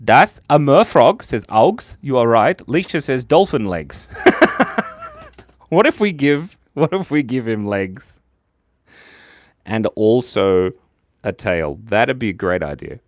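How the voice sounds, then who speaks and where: Playful Australian man with bouncy pitch. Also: lively intonation, slow pace, pauses often, dry recording, clean studio sound. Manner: playful and jokey, reading out viewer chat. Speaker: host of a live drawing stream. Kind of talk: casual live-stream chat while drawing.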